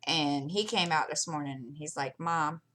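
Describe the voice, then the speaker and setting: A woman's voice: deep voice, moderate pace, fairly bright tone. Rambling chatty middle-aged woman. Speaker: channel host. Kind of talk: casual chat while crafting.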